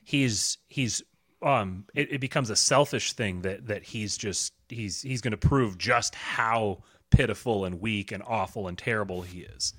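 A man, a podcast guest, telling a story in casual chat, earnest and halting with many restarts. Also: fairly low pitch, a bit bright, no echo, studio quality.

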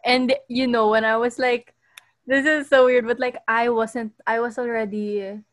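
A young woman chats with a slightly high voice, animated and acting out every quote. The sound is dry and close, with no room around her. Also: a little slow, no echo. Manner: animated storyteller who acts out quotes. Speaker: podcast co-host. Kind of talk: casual chat.

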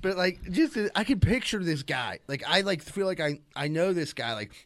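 A man's voice: high-pitched, big pitch swings, normal speed, fairly bright tone. A man in a casual chat, telling prank stories with a laugh and swearing. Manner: laughing, prankish storytelling with acted quotes.

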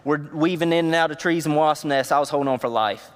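A man's voice: a little high, fast, clear, resonant tone. Man preaching in a reverberant hall. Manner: conversational, emotional storyteller. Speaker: youth pastor. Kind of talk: sermon with personal storytelling.

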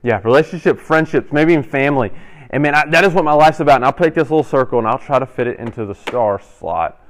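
A young man in his role as a youth pastor, giving an interactive sermon and playfully quizzing his audience with quick asides. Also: mid-range voice, lively intonation. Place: church hall with audience.

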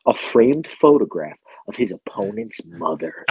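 A man's voice: mid-range voice, sing-song, a little slow, vocal fry, mellow, husky, low-quality recording. A young man co-hosting a podcast, joking around and riffing on comic bits in casual chat. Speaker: podcast co-host.

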